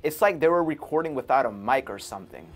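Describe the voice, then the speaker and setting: A man talking casually to camera, reviewing a film in an animated, chatty way with frequent chuckles. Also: mid-range voice, fast talker, faint music behind. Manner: animated, chuckling between remarks, conversational. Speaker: movie reviewer. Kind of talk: casual movie review commentary.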